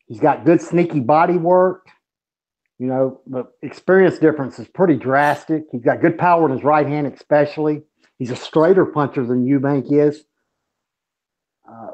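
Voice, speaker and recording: A man giving casual boxing analysis as a guest, evenly and with "um"s, over dull lo-fi call audio. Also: on the high side. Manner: even analytical talk with "um"s. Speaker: guest commentator.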